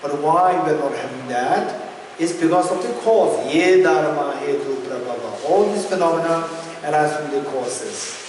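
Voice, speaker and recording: A man's voice: on the high side, animated, moderate pace, a little mellow, recorded from a distance, a little hiss or hum. A male Buddhist teacher giving an interactive dharma lesson, questioning his audience and repeating key points for emphasis. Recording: echoey hall recorded from afar.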